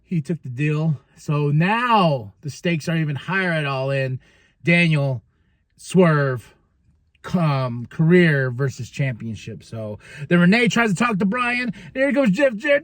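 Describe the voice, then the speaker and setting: High-voiced man recapping wrestling. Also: dry recording. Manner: animated, does quick mock voices when quoting; laughs often, stumbles and restarts. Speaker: podcast host recapping wrestling. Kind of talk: casual recap monologue.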